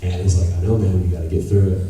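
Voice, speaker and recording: A man in his thirties tells stories to a convention audience, open and animated, swearing and acting out what others said. His voice sits fairly low. The sound is taped from far back in a big, echoing hall. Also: very fast, slight background noise. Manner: animated, candid storyteller who swears and acts out quotes. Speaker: convention panel guest. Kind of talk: audience Q&A storytelling.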